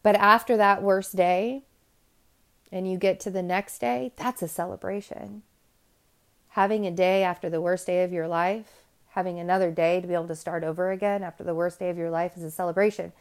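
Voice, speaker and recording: A woman's voice: on the low side, steady tone, a little fast, smooth. A woman hosting a podcast, talking to her listeners in a candid, rambling monologue full of asides and restarts. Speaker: podcast host.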